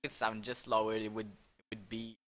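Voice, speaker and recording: A young music producer casually walks through how he built his track in a screen-recorded tutorial. His fairly low voice holds a level tone, and he keeps halting to correct himself, laughing at his slips.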